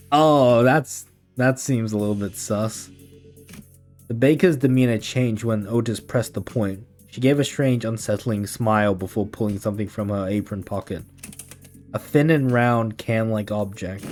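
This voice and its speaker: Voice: mid-range voice, measured pace, darkish tone, faint music behind. A streamer reading a game story aloud, with giggly, chatty asides. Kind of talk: casual game playthrough reading.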